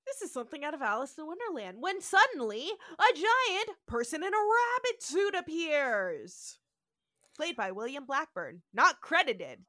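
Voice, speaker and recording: Woman co-host, high and bright voice, very lively intonation, casual storytelling chat. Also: moderate pace, dry recording, studio quality. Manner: laughing, animated storyteller who acts out quotes. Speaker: podcast co-host.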